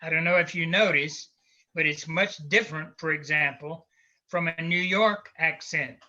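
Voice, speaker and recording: A man with a South Carolina Southern accent, giving a slow, deliberate conference talk of advice to visiting teachers. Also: a little high, pushed and bright, highs cut off. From South Carolina, United States. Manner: slow, deliberate, advisory, with fillers. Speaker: conference speaker.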